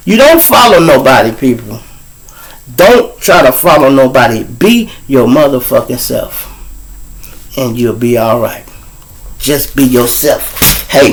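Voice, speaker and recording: A man with a Chicago accent telling stories to his viewers in a casual, profane way, acting out other people's voices. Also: slight background noise. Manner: animated, profane, acts out voices with high squeals.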